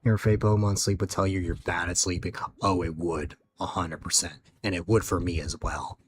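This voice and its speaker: A man's voice: low voice, fairly even intonation, a little fast, noisy background. A man streaming late at night, chatting casually with viewers, sleepy and rambling, losing his words.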